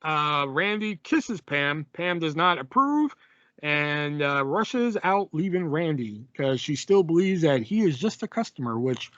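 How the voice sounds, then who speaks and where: A man's voice: on the high side, expressive, a little slow, a bit bright, no room sound, highs cut off. A man co-hosting a podcast, casually recapping a film with lots of fillers and laughs. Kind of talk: casual chat.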